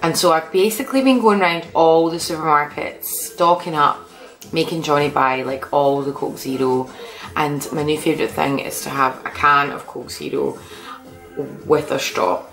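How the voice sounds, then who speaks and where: A woman's voice: low voice, normal speed, gravelly, fairly bright tone, faint music behind. A woman chatting animatedly to camera as a vlogger, with the odd mild swear. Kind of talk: casual chat to camera. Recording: echoey room.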